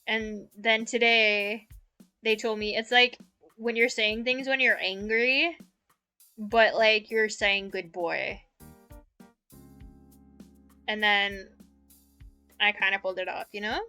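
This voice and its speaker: A woman's voice: mid-range voice, fairly even intonation, unhurried, bright, forceful tone, clean tone, soft background music. A young woman streamer chatting casually and giggling often, speaking close into her mic. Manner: giggly, laughs often between sentences. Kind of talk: casual chat. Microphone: mic very close to the mouth.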